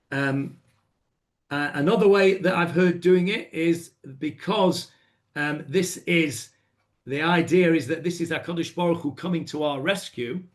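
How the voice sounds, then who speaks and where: A man teaching a relaxed lesson on how to chant a reading, his voice sitting a little high for a man. He talks chattily, full of ums and uhs, and slips into short sung chants and loud acted lines to show how it is done. It sounds like a live class, not a scripted recording. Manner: chatty with many fillers, breaks into chanting and acted exclamations.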